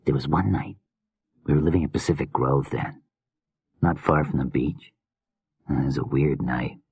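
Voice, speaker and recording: A man's voice: rumbling low, moderate pace, a little mellow, breathy edge, no echo, full character voice. A man voicing an unhinged, weary male killer filmmaker in a slurred whisper, as whispered role-play in an audiobook.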